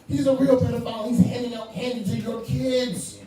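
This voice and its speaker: Rowdy tipsy New comedian, yelling. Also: male voice, very high voice, fairly even intonation, fairly quick, soft background music. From New York. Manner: loud, profane, slurring, yelling. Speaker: comedian debater. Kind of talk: drunk stand-up debate. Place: comedy club stage. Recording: echoey room, far from mic.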